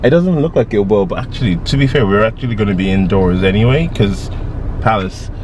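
A man's voice: fairly low pitch, lively intonation, brisk, noisy background. A young British man talking to camera in a chatty, giggly, self-mocking way on a travel vlog. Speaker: travel vlogger.

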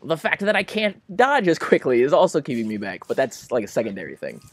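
A young man giving casual, excitable let's-play commentary, melodramatic and quick to plead or laugh. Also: medium pitch. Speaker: gaming commentator.

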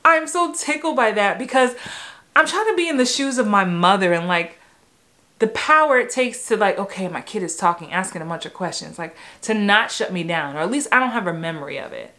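A woman in her forties from New York tells stories about growing up in her own vlog. She talks in an animated way and laughs easily. Now and then she breaks into the voices of people from her memories. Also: medium pitch, fairly quick. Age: 40s. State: a little emotional. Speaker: acting coach. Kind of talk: personal storytelling vlog.

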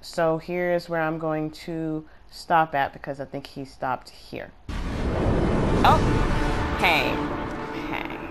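Low-voiced woman chatting about a game. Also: fairly even intonation, measured pace, hardly any pauses, over loud music. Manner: chatty, rambling with fillers. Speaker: gaming video creator. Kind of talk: casual gameplay commentary.

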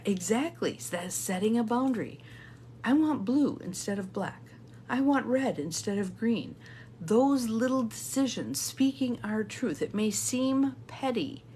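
A woman's voice: medium pitch, darkish tone, a little hiss or hum. A middle-aged woman giving an upbeat coaching talk, repeating key phrases for emphasis and reading viewer comments aloud. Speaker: intuitive guidance coach. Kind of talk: live motivational coaching talk.

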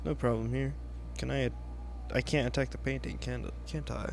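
A man's voice: mid-range voice, steady tone, moderate pace, vocal fry, a little hiss or hum. A young man casually commenting while playing a video game, laid-back and chatty, swearing now and then. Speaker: let's play host.

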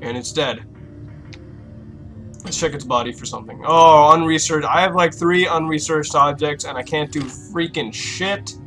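Young man, horror let's play commentary, bright forceful voice, slightly high, crude jumpy outbursts. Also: moderate pace, faint music behind. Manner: loud, profane, jumpy reactions. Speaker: gaming YouTuber.

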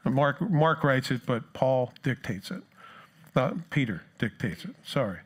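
A man's voice: medium pitch, sing-song, unhurried. A man from New Jersey with a New Jersey accent, preaching a sermon in a conversational, self-deprecating way and acting out the disciples' cries. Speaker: pastor.

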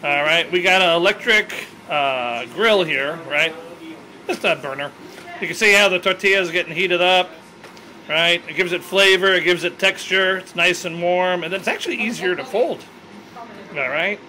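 A man hosting a casual family cooking vlog in a kitchen, talking in excited, jokey show-host banter into a handheld camera mic. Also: sits high, normal speed, a little hiss or hum, rough recording.

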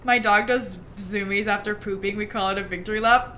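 A young woman livestreaming, chatting casually while she plays a game, rambling and animated with lots of "like" and quick bursts of laughter. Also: medium pitch, soft background music. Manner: chatty and rambling, heavy use of "like"; animated storyteller who breaks into laughter. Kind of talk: casual chat while gaming.

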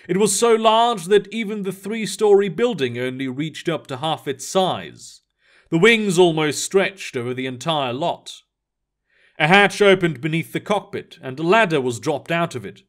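A man narrating a sci-fi story aloud in an expressive reading style. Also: on the high side.

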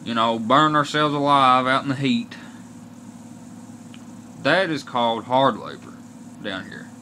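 Speaking at medium pitch with a pushed, bright quality, a young Kentucky man vents straight to camera. He's a vlogger with an Appalachian accent who is aggrieved and blunt, cursing frequently while talking slow and deliberate. A little hiss or hum sits under the audio.

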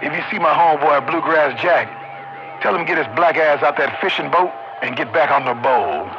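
A man's voice: a little high, moderate pace. A man chatting and joking with fellow truckers over CB radio, teasing them and laughing often. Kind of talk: casual CB radio chat. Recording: muffled CB radio with loud static.

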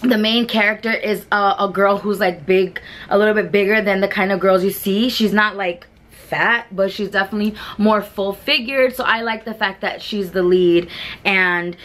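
A beauty vlogger from New York, a woman, rambles casually through a review of TV shows, full of fillers and restarts. Her medium-pitched voice is slightly bright, with fairly even intonation and a moderate pace.

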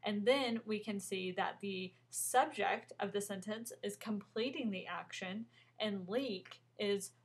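A woman teacher explaining a grammar lesson in a clear, methodical way, with an occasional um. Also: medium pitch, slow.

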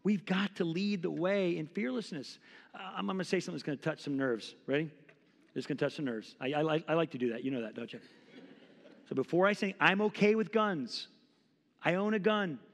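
A man's voice: on the high side, quick pace, gravelly, big-room sound. A man in his forties preaching a sermon as pastor, impassioned and conversational, acting out quotes. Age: 40s. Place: church sanctuary.

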